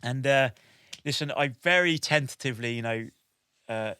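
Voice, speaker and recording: A man in his forties, a podcast guest telling a lively anecdote in an animated way, with lots of "like" and "basically". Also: medium pitch, normal speed, clear, resonant tone, no echo. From United Kingdom. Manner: animated, with many "like" and "basically" fillers. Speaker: podcast guest, military veteran.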